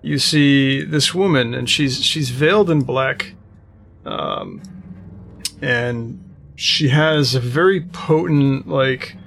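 A man's voice: mid-range voice, big pitch swings, slow, vocal fry, a bit bright. A man narrating as game master of a tabletop game, describing scenes in a meandering way with many fillers.

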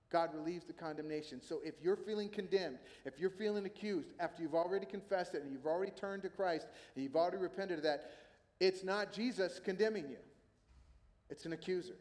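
A man preaching a sermon as a pastor, in a conversational, animated storytelling manner. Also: on the high side. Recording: long hall reverb.

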